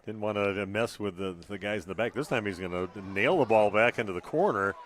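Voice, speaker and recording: A man calling a high school football game live on radio as the play-by-play announcer, talking loosely with frequent "uh" fillers. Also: brisk, a bit bright, slight background noise.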